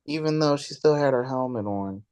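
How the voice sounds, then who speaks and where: A woman's voice: a bass voice, a little fast, dark tone. A woman co-hosting a casual fan chat podcast, laid-back with blunt asides. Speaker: podcast co-host.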